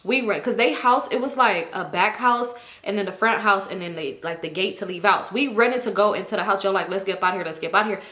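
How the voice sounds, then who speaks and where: A young woman telling a story in a casual, animated, profane way, often laughing as she talks. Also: medium pitch, fast talker. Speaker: storytime vlogger. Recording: roomy echo.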